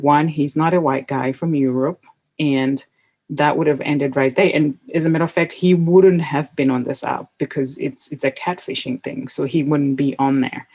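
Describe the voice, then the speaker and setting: A woman with a low-pitched, slightly mellow voice hosts a podcast and chats casually. She tells a personal story in a chatty, anecdotal way, full of fillers.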